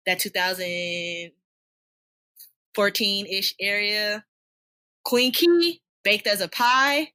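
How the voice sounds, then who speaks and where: A woman co-hosting a casual podcast chat, animated and slangy, laughing often. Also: mid-range voice, slow pace, long pauses, clean tone. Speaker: podcast co-host.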